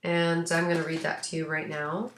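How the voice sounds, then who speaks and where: A woman with a fairly low voice talks through a pet reading in a loose, rambling way, stopping for ums and restarting her sentences. She sounds a little sneezy, and the recording carries the echo of a bare room at home. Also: level tone, normal speed, a little hiss or hum. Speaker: animal psychic. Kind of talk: casual spoken pet reading. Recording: echoey room.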